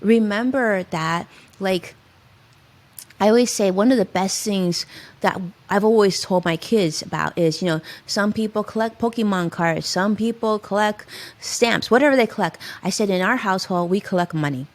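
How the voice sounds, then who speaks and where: A middle-aged woman, a financial advisor, giving emphatic and expressive advice as a guest in an interview. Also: medium pitch, normal speed. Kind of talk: interview conversation.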